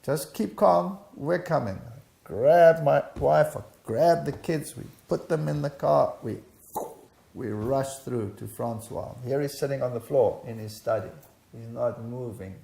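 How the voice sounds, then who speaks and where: A man's voice: mid-range voice, measured pace, gravelly. An older man, giving an interview and animatedly recounting a personal testimony, acting out the dialogue. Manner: animated storytelling, acts out dialogue. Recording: roomy echo.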